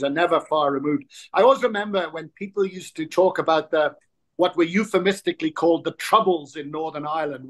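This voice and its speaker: A man in his sixties chatting as an interview guest. He tells stories in an animated way, often restarting his sentences as he goes. His voice sits a little higher than most men's. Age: 60s. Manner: animated storyteller, frequent restarts. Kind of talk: casual interview chat.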